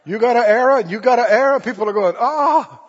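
A man's voice: high voice, quick pace, a faint crowd. A man preaching a sermon in a conversational way, asking the congregation questions and acting out little scenes. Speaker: pastor. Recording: dull lo-fi audio with long hall reverb.

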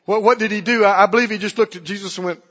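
A man preaching a sermon, swinging between soft asides and loud exclamations. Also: high voice, steady tone, racing. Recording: reverberant hall, dull lo-fi sound.

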